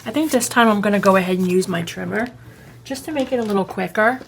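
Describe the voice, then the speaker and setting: Gravelly Boston woman teaching crafts. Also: medium pitch, quick pace, noisy background. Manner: chatty, rambling, self-correcting, often checking the viewer follows. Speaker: craft tutorial host. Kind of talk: casual step-by-step crafting tutorial.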